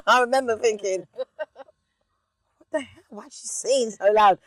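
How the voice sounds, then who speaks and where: A middle-aged woman with a London accent, chatting as an interview guest inside a car, telling lively stories and breaking into snatches of song. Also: a little high, normal speed, no room sound. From England. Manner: animated storyteller, sings snippets. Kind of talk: relaxed casual chat.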